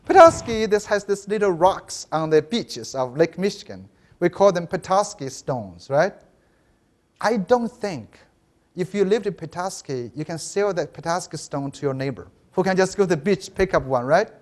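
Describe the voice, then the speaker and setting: At normal speed, a high-voiced education professor delivers a lively conference keynote in a hall. His storytelling is energetic, peppered with "right?" to the audience and frequent restarts.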